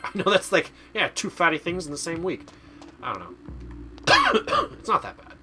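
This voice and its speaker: With music playing in the background, a VTuber streamer rambles casually through a video game session, often stumbling over words. His voice is on the high side and swoops wildly in pitch at a moderate pace.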